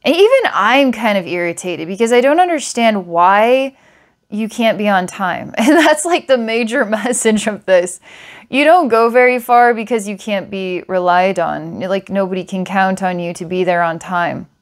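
A woman's voice: medium pitch, animated, moderate pace. A woman psychic giving a client a past-life reading, meandering with filler words and small laughs. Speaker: psychic reader.

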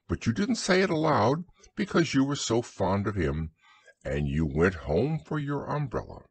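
A man narrating a children's story as a gentle, unhurried bedtime audiobook. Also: medium pitch, very animated, slightly rough, dry recording.

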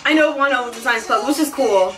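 A woman's voice: fairly high pitch, fast talker, music in the background. A woman vlogger giving a giddy, gushing reaction commentary, laughing often and crying out.

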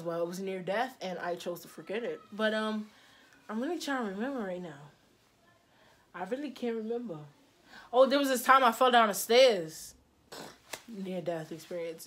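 A young adult woman vlogger telling stories in casual, slangy chat, acting out the quotes with lively energy. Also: medium pitch. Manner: slangy and animated, acts out quotes.

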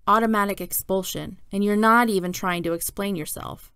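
A woman reading a children's novel aloud in a steady, plain narrating voice. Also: medium pitch, moderate pace, smooth, no room sound, studio quality. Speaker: storyteller.

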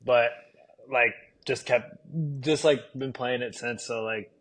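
A young man guesting on a baseball podcast, easygoing and quick to laugh, with short replies. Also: mid-range voice, steady tone, a bit bright. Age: young adult. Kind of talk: casual interview chat.

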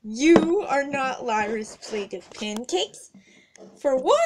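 A smug pony girl with scissors taunts her victim in a lower, flat, teasing voice, as a woman puts her on for a homemade toy skit. She talks slowly and takes her time. A faint hiss sits behind her.

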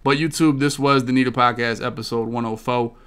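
A gaming podcast host with a clear, resonant mid-range voice talks a little fast. He keeps it casual, profane and animated, drifting through long stories.

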